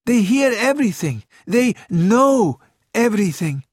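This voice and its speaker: A man's voice: high voice, very animated, a little slow, slightly rough, dry recording, clean studio sound, pitched above the performer's own voice, exaggerated voice. A man voicing a young prince, raised and pleading. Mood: troubled. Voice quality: earnest, pleading. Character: young male prince, sad, anxious, proud. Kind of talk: audiobook reading.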